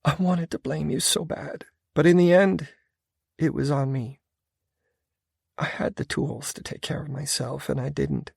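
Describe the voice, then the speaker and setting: A man's voice: on the high side, fairly even intonation, unhurried, vocal fry, slightly rough, no room sound, clean studio sound, voice pushed up, exaggerated voice. A man putting on an anguished young woman. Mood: tearful. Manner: pleading and anguished, rising to yells. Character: young woman, wounded, stubborn, tearful. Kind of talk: audiobook character voice.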